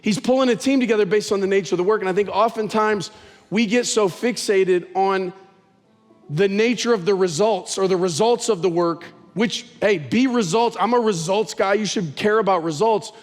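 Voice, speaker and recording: A man's voice: sits high, moderate pace, in a large hall. A man preaching a sermon as pastor, talking conversationally and telling stories with animation.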